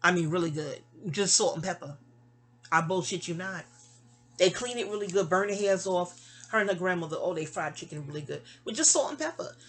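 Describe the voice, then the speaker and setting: This vlogger from New York City has a fairly low, fairly bright voice and talks a little fast. In a casual storytelling monologue she spins a long, rambling personal story, sounding sleepy and chatty, with frequent restarts and tangents.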